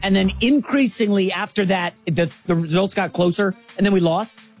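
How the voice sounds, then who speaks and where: A woman co-hosting a sports talk show, setting up segments in a chatty, lively way. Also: mid-range voice, moderate pace, faint music behind. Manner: conversational, lively, frequent restarts.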